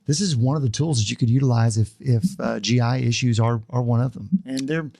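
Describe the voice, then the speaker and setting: A man's voice: medium pitch, steady tone, fairly quick, creaky, mellow. A man co-hosting a casual podcast, talking in an easygoing, chatty way. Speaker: podcast co-host. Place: studio.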